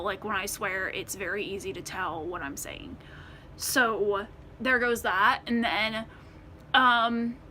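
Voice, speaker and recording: Bright-voiced American woman vlogging. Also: mid-range voice, slight background noise. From United States. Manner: rambling, many ums and restarts. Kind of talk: casual Q&A to camera.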